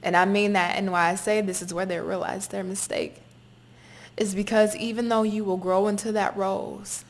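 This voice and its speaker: A woman's voice: mid-range voice, level tone, moderate pace. Emphatic woman giving a tarot reading. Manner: emphatic, repetitive, swears freely. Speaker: tarot reader. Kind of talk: spoken tarot reading to camera.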